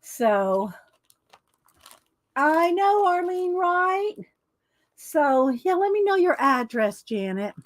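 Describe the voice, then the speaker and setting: A woman chatting casually on a live craft stream, greeting viewers by name, her throat scratchy and often cleared. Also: very high-pitched, sing-song, extremely slow, pauses often. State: scratchy throat, struggling to talk. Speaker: craft channel host.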